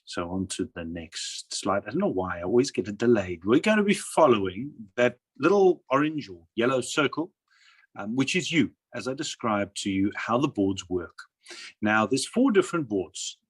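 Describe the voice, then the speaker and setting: A man's voice: mid-range voice, big pitch swings, moderate pace, husky. A man with a South African accent giving a persuasive slide presentation, asking and answering his own questions. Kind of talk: sales presentation over slides.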